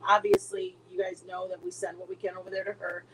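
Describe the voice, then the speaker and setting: A woman's voice: on the low side, little pitch movement, fast talker, over a noisy crowd, poor audio. A middle-aged woman chatting casually with her viewers, telling a long story with many restarts and trailing thoughts. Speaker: livestream host.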